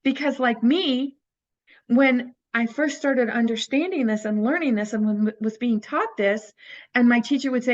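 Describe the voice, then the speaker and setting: A woman's voice: fairly high pitch, normal speed, highs cut off. A woman teaching a recorded course, talking earnestly and coaching her listeners with rhetorical questions. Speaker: teacher of an inner-child healing course.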